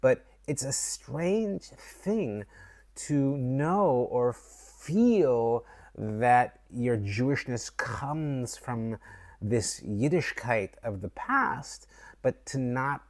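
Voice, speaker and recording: Man from Canada, vlogger, reflective talk, unhurried, thoughtful, mid-pitched voice. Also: animated. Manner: slow, thoughtful, with fillers and restarts.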